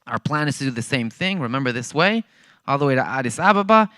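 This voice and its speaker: A man's voice: mid-range voice, expressive, fast talker, pushed and bright, no echo. A man telling a story to a church congregation, acting out the dialogue as he goes. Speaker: guest speaker at a church.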